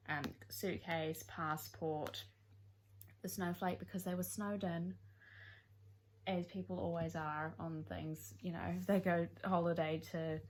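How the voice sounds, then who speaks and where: A young woman in her twenties talks through a book in a relaxed vlog, her voice sitting a little low. She rambles from one thought to the next with self-deprecating asides. A faint hiss sits under her voice. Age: 20s. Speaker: book vlogger. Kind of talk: casual reading vlog chat.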